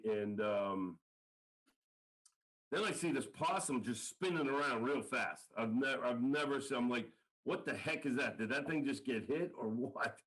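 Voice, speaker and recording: On a casual podcast, a middle-aged man who coaches the line for a college football team tells a story as a guest, performing the quoted lines. He has a mid-range voice with a fairly bright tone, captured in a rough recording.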